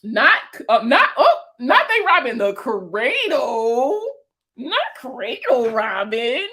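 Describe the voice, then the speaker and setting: A woman around thirty with a Baltimore accent, hosting a casual livestream chat with viewers, slangy and profane and quick to laugh. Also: medium pitch, a bit bright. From Baltimore, USA. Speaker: host answering viewer comments.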